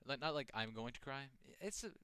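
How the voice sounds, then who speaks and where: A man's voice: medium pitch, expressive, a little fast, sharp tone, clear, resonant tone, no echo. A young man talking loosely over a horror game he is playing, rambling and restarting his sentences with many fillers. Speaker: gaming channel host. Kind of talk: casual gameplay commentary.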